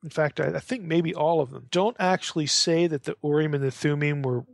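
A man explains scripture in a loose, conversational lecture, stumbling and restarting as he goes. His voice sits a little high with a gravelly edge. The sound is close and dry. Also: fairly quick, no room sound. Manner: conversational, restarts often, reads quotes aloud. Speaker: Bible scholar lecturing. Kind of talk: informal lecture.

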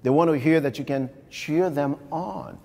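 Guy giving a keynote, kinda high voice, punchy and repetitive, big echo from the hall. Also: moderate pace, gravelly, dark tone. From Haiti. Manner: emphatic, repeats phrases, addresses the crowd directly. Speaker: motivational keynote speaker. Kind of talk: live keynote speech to an audience. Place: large conference hall. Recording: long hall reverb from a conference room.

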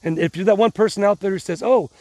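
Excitable rambling man, fairly high voice. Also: quick pace, no room sound. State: pumped up on adrenaline. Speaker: vlogger. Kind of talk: casual vlog talk to viewers.

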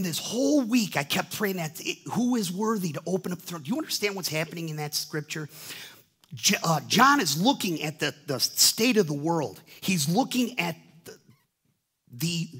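A pastor in his fifties delivers a sermon with real fervor, often restarting and repeating himself. His voice is high and husky. He slips into the voices of the people in his stories as he preaches. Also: a bit bright. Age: 50s. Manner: impassioned, acts out voices in dialogue, repeats words.

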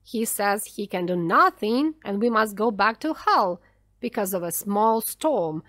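A woman's voice: medium pitch, expressive, unhurried, dry recording, studio quality, close to an everyday voice. A woman reading as a bullying ship's captain. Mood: commanding.

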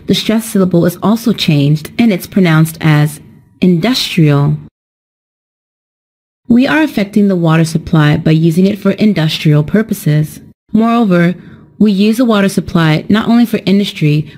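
A young adult woman teaching an English lesson in a slow, careful, explanatory way, scripted narration. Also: on the low side, warm tone.

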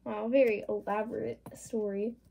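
A woman with a medium-pitched voice gives chatty, casual commentary on her drawings for her art channel, reading prompts with playful, lively voices. Her pace is moderate, and a faint hiss or hum sits under the audio.

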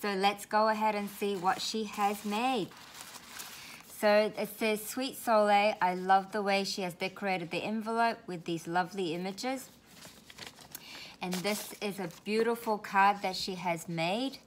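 A woman's voice: mid-range voice, fairly even intonation, a little slow, slight background noise. A woman craft vlogger who lives in Australia, opening crafty mail and gushing about it in a casual way, often repeating words for emphasis.

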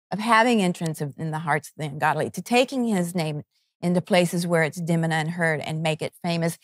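A woman's voice: lowish voice, no echo, clean studio sound. A middle-aged woman, a network co-founder, giving an earnest, fervent personal testimony that halts and restarts as she acts out her prayers. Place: television studio.

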